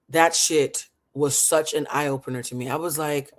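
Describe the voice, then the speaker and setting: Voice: mid-range voice, steady tone, normal speed, few pauses. A livestream host giving impassioned commentary on a talk show and calling listeners honey and baby.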